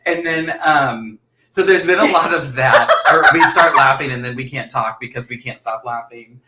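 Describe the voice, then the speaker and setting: A man's voice: medium pitch, normal speed, heavy background noise. A man hosting a casual livestream chat, animatedly telling stories, acting out quotes and laughing often. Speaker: host. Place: room in a house. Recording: echoey room.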